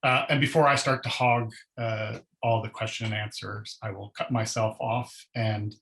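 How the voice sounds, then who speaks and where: A man hosting a webinar over a video call, speaking haltingly with many fillers and open enthusiasm. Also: fairly low pitch, little pitch movement, creaky, a bit bright, low-quality recording. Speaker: webinar host and moderator. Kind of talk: moderating a webinar Q&A.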